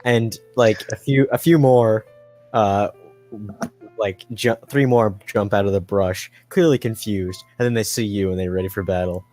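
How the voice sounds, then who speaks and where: Low-voiced young man running a tabletop game. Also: moderate pace, a little mellow, faint music behind. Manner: hesitant, many fillers and restarts. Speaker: game master.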